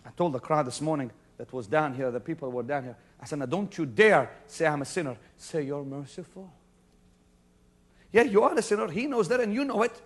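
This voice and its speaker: High-pitched preacher swinging from shouts to hushes. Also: male voice, lively intonation, quick pace, few pauses. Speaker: pastor. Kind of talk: sermon. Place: church before a congregation.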